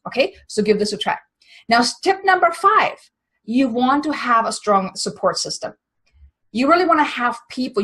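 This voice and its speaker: A woman's voice: medium pitch, a bit bright, breathy edge. A woman coach giving motivational business advice in an earnest, emphatic, encouraging way. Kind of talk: motivational advice talk to camera.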